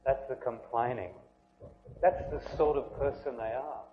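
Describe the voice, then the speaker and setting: A man's voice: mid-range voice, steady tone, a little slow. A man preaching a conversational sermon who keeps asking his listeners questions. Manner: conversational, asks the congregation questions. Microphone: writes on a board while preaching. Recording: tinny phone-like band, faint noise.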